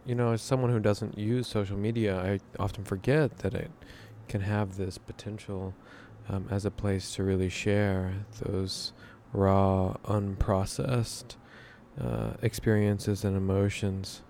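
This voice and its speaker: A man co-hosting a reflective casual discussion, speaking in a measured, deliberate way. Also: on the low side, level tone, warm tone, a little hiss or hum.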